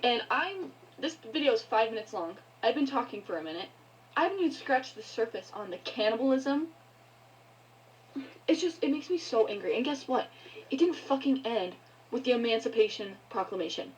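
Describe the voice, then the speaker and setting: A woman's voice: on the high side, a little mellow, dull audio. A woman ranting angrily to her viewers, swearing often and breaking off mid-sentence. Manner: angry, swearing, halting. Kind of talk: heated rant to camera.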